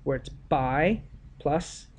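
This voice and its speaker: Guy teaching a grammar lesson, kinda high voice, slow and careful, punches the important words. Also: lively intonation. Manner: deliberate, stresses key words of example sentences.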